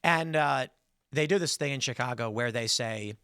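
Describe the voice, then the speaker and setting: A man's voice: mid-range voice, normal speed, sharp tone, clean tone, no echo, clean studio sound. A man hosting a podcast, telling a story and giving heated commentary, angry and swearing as he talks. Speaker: podcast host.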